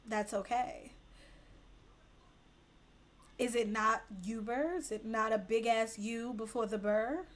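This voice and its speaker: A woman hosting a casual livestream, reading viewer comments aloud in a brash, profane and teasing way. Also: high-pitched. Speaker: livestream host.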